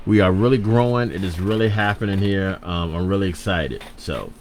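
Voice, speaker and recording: A man's voice: deep voice, normal speed, slight background noise. A man from hosting a casual radio show, playful and self-correcting as he hypes the listeners.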